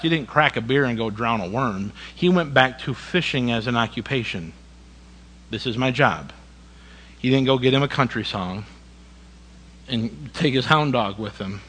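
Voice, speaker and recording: A male pastor preaching a sermon, reading scripture dramatically, with folksy conversational asides and sudden quiet emphasis. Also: medium pitch, husky, poor audio.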